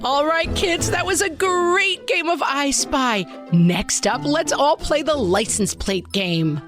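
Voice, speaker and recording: A woman voicing a peppy camp-counselor mom, talking in a bright sing-song to kids. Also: high-pitched, lively intonation, slow, over music, voice pushed up. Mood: chirpy.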